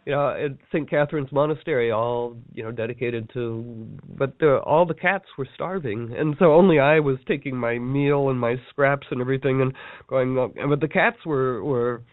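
A man teaching a course, telling rambling, animated stories and acting out the quotes he repeats. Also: mid-range voice, normal speed, dry recording. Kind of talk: storytelling talk on a teleseminar. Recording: tinny phone line, dry.

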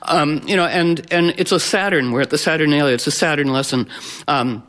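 Astrologer, male, a touch high-pitched; rambly, playful, restarts a lot, talking loosely to a live room. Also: a little fast, a bit bright. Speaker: astrologer giving a talk. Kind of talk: informal talk to a live audience.

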